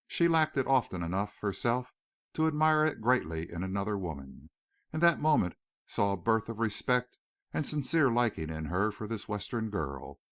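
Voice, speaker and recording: This audiobook narrator is a man whose fairly low, fairly bright voice swings widely in pitch at a moderate pace. He tells the novel's story expressively in scripted narration, and the recording is dry and clean, with studio sound.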